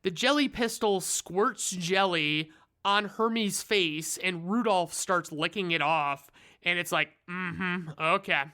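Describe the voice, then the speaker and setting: A man's voice: sits high, takes it slowly, pushed and bright. Sarcastic, profane man recapping a movie. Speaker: reviewer.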